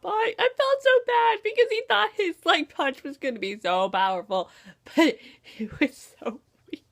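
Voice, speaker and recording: A woman's voice: high voice, big pitch swings, measured pace, fairly bright tone. A woman vlogger casually discussing a book with playful sarcasm.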